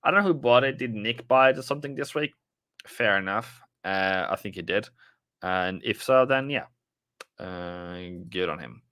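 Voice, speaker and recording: A man's voice: fairly low pitch, animated, moderate pace, a bit bright, smooth, no room sound, studio quality. A man casually commenting on a live trading stream, rambling and chatting with viewers as he goes through the charts.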